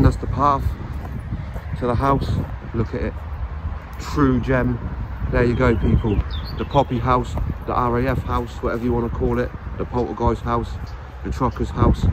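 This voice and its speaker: An English man narrating his urban exploring vlog with excitable, sweary commentary to viewers, filmed on a handheld camera in an abandoned house and its grounds. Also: medium pitch, heavy background noise.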